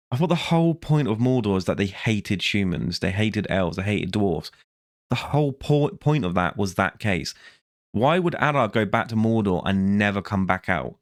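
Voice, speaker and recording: A man's voice: on the low side, dry recording, clean studio sound. Tired man ranting. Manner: rambling, self-correcting, sarcastic. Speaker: vlogger. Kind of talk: rambling rant review.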